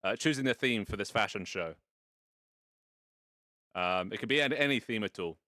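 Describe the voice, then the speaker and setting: A man's voice: on the low side, animated, moderate pace, pushed and bright, no room sound, clean studio sound. A man casually hosting a live stream from inside virtual reality, rambling and playful with some casual swearing. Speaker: VR streamer hosting a fashion show. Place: indoors in a home VR setup.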